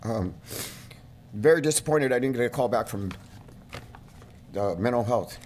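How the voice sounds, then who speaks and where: A middle-aged man giving an emotional public comment at a county board meeting, his voice rising toward shouting at its peaks, speaking at a podium microphone. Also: medium pitch, lively intonation, unhurried, slight background noise. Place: council chamber.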